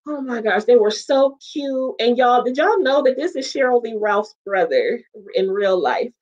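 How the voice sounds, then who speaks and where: A woman's voice: on the high side, moderate pace, muffled recording. A woman hosting a casual livestream about sitcoms, chatting straight to viewers. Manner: animated, chatty, talks straight to viewers with "y'all" and "child". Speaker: host of a sitcom talk show.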